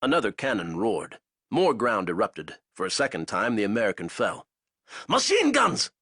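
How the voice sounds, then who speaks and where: Husky, lively male audiobook narrator. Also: fairly low pitch, normal speed, no room sound, studio quality.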